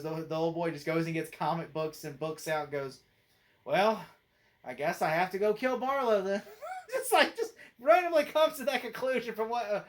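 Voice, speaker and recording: A man talks through a film in a casual spoken review for his own channel. He rambles from point to point, leaning on "like" and "you know". He breaks into laughter easily as he goes. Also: fairly high pitch. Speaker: movie critic and channel host.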